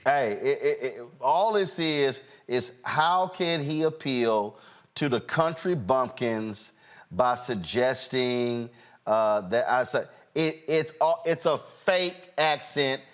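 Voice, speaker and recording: A man hosting a casual political commentary show, animated and mocking, talking while fumbling to play clips. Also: mid-range voice, slow. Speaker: host.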